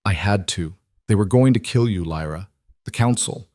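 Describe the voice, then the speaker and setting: A man's voice: lowish voice, normal speed, a little mellow, no echo, clean studio sound, lightly acted. A man voicing a young alpha king who pleads earnestly to be let in, in an audiobook story. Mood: pleading.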